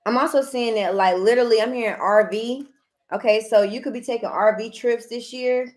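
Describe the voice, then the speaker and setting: A woman's voice: fairly high pitch, fairly quick. Woman giving a chatty tarot reading. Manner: chatty, repeats "heavy emphasis" and "okay", bursts of excitement. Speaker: tarot reader. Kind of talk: casual tarot reading to camera.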